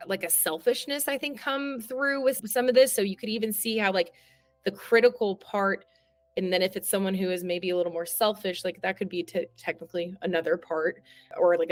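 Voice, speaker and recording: A woman's voice: on the low side, dry recording. A woman therapist in a panel discussion, talking eagerly with many fillers. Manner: enthusiastic, lots of "like".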